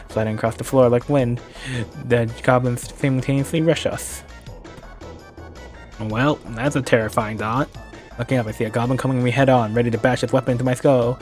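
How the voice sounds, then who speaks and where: A man's voice: mid-range voice, little pitch movement, fairly quick, a little mellow, faint music behind. Streamer, male, narrates a text game casually and trips over words now and then. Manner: reads narration with casual asides and stumbles. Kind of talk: reading a text game aloud on a live stream.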